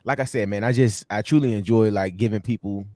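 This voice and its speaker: A man's voice: on the low side, fairly quick, dry recording. Guy cohosting a sports livestream, slangy and laughing a lot, dry close mic. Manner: laughing, animated, slangy storytelling. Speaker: sports show co-host. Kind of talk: casual livestream chat.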